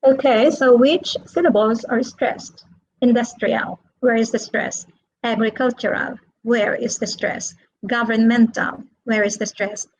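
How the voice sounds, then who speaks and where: A female teacher walks through a lesson at an unhurried pace, speaking a little above the usual pitch for a woman. She sounds patient, saying each word again so listeners can echo it back. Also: a little mellow, slight background noise. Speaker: English teacher. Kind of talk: slow classroom explanation with repetition drills.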